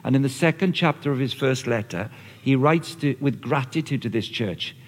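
A man's voice: mid-range voice, moderate pace. Man preaching in a reverberant hall. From Australia or Britain, not the audience's country. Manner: lively, conversational preaching with acted quotes. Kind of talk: sermon. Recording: long reverb of a large hall.

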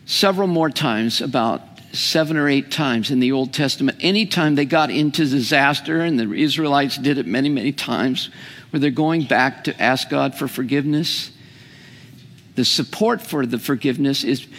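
A man's voice: medium pitch, moderate pace. A man preaching a sermon with humor, often asking his listeners questions. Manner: animated, humorous, asks the audience questions. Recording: long hall reverb.

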